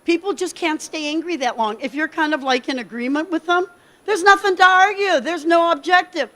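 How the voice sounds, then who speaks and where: A woman giving a lively conference workshop talk, coaching the audience directly from the stage. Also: very high voice, fairly quick. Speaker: keynote speaker.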